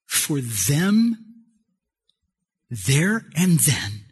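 A man preaching a sermon, swinging from raised exclamations to soft near-whispers. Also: fairly high pitch, very animated, extremely slow, long pauses, breathy edge. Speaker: pastor.

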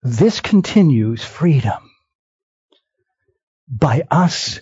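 A man preaching a sermon, swinging from hushed near-whispers to raised, emphatic cries. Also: a little high, sing-song, extremely slow, slightly rough, dry recording. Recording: dull lo-fi dry sound.

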